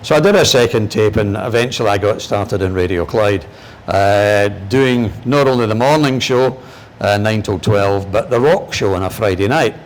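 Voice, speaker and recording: A man's voice: normal speed, slight background noise. A Scottish man in his seventies with a Glaswegian accent, giving a humorous, anecdotal lecture as a guest broadcaster. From Scotland. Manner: humorous, animated storyteller, shifting pitch for punchlines.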